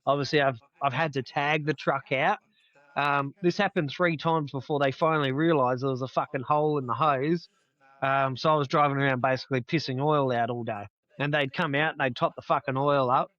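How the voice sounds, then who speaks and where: A man's voice: medium pitch, fairly even intonation, fairly quick, a bit bright, no echo, muffled recording. A middle-aged man telling blunt, sweary work stories in casual podcast chat. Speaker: podcast guest.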